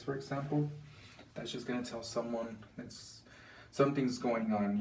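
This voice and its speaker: A man giving an informal, conversational talk with tips, acting out examples as he explains. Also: mid-range voice. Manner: casual, conversational, demonstrates examples aloud. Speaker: presenter. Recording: distant mic with faint background noise.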